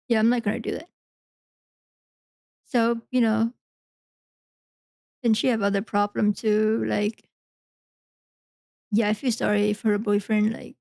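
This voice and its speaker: A woman's voice: medium pitch, gravelly, darkish tone, no room sound. A woman hosting a podcast, talking frankly in a rambling, casual monologue full of fillers. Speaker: podcast host.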